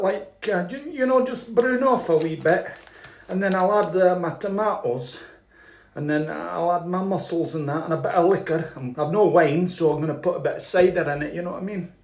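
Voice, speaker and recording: A man's voice: on the high side, a little mellow. A man chatting through a home cooking vlog, rambling and cheerful, laughing often and swearing freely. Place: home kitchen. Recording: roomy kitchen echo with faint noise.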